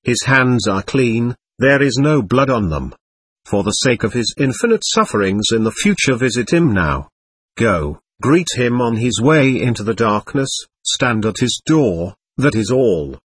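A man's voice: mid-range voice, big pitch swings, measured pace, breathy edge, no room sound. A man reading an earnest, insistent young man. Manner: emphatic, pleading.

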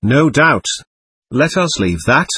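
A man's voice: medium pitch, sing-song, takes it slowly, sharp tone, husky, no room sound, studio quality, full character voice. Man reading as a proud anguished young woman. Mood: curt.

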